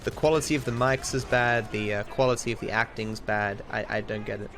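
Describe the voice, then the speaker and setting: A man's voice: lowish voice, fairly even intonation, brisk, a bit bright. Rambling Australian man streaming a game. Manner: rambling, frequent restarts, candid. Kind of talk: casual chat while gaming. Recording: game music playing behind.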